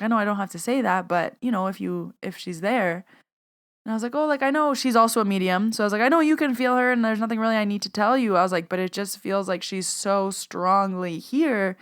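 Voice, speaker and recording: A woman hosting a podcast, telling a personal story in a chatty way and often acting out both sides of a conversation. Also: mid-range voice. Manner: chatty, retells conversations with quoted dialogue. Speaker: podcast host and medium. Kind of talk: casual storytelling monologue.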